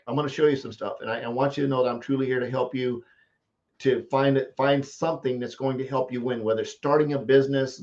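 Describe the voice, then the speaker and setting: Emphatic man pitching on a live stream. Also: darkish tone, highs cut off. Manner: emphatic, repeats phrases for effect. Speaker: marketing coach.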